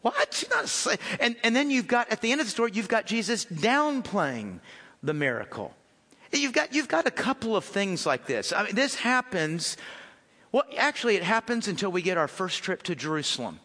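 An American man preaching a sermon as pastor, conversational and animated, calling his congregation folks. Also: sits high, normal speed, long reverb tail.

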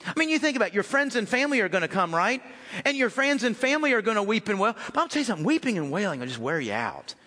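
An American man preaching a sermon as pastor, conversational and animated, calling his congregation folks. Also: sits high, racing, in a large hall.

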